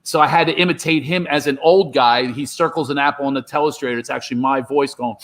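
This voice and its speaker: A middle-aged man telling comedy stories on a video call, animated and slipping into impressions. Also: a little high, fast talker, few pauses. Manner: animated, jumps into character voices. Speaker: comedian guest. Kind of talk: storytelling with impressions.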